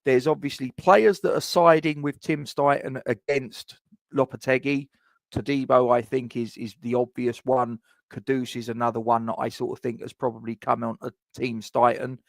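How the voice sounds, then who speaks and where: A man's voice: mid-range voice, fairly even intonation, moderate pace, vocal fry, no room sound. A man hosting a fan live stream, chatting casually in rambling sentences with frequent restarts and asides. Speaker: fan channel host.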